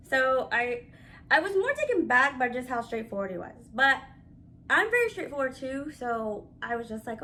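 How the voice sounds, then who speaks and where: A woman with a bright, forceful voice pitched a little high tells a story to the camera. She talks casually and candidly, with animated delivery and plenty of swearing. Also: normal speed, a little hiss or hum. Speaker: vlogger.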